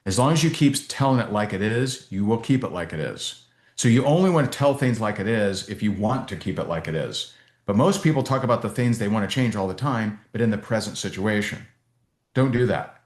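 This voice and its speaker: A man coaching a team on a video call, telling stories with lively restarts and repeats. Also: on the low side, a little fast, reverberant. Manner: animated storytelling with many restarts. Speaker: business coach.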